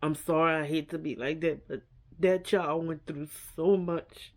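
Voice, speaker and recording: A woman's voice: deep voice, fairly even intonation, unhurried. Upset woman vlogger reacting earnestly. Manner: earnest and upset, repeats herself, fillers like "like" and "you know". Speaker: vlogger reviewing a documentary. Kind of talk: casual reaction vlog.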